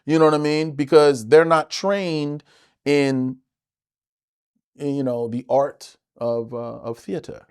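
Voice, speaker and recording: A man's voice: on the high side, slow, clean tone. A middle-aged man, an actor, telling stories in a casual interview, swearing and acting out quotes in other voices. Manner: animated, swearing, acts out quotes in other voices, laughs often.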